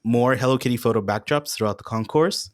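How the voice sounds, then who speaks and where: A man co-hosting a casual podcast, relaxed and chuckling as he runs through event details. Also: mid-range voice, fairly quick, no echo, studio quality. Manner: laid-back, chuckling, reads event details. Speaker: podcast co-host. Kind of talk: casual chat.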